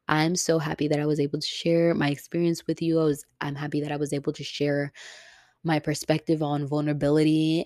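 A woman's voice: sits low, mellow, no room sound, clean studio sound. A young woman hosting a solo podcast, talking in an earnest, heartfelt, emotional way and swearing casually. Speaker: podcast host.

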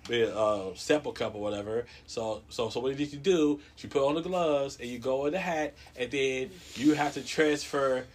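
A man telling a comedic story in casual talk, swearing a lot and jumping into a high voice when quoting others. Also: normal speed, few pauses. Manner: profane, animated, acts out quotes in a high voice.

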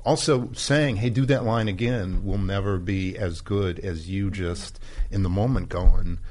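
A man with a fairly low voice talks through his working process. His speech is reflective, full of restarts and trailing phrases. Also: fairly even intonation, a little slow, darkish tone. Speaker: director. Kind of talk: casual chat.

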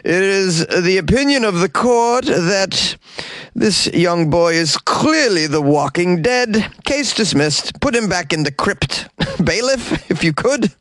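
A raspy-voiced man playing a pompous, stern courtroom judge who speaks slowly and solemnly, recorded in a small dry closet. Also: sits high, lively intonation, fairly bright tone, no echo, pitched above the performer's own voice, exaggerated voice. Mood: mock-solemn. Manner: slow, solemn, mock-formal.

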